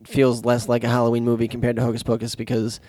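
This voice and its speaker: A man's voice: mid-range voice, monotone, fast talker, a little mellow, no echo. A man on a casual movie podcast, talking in an easygoing, rambling way with fillers.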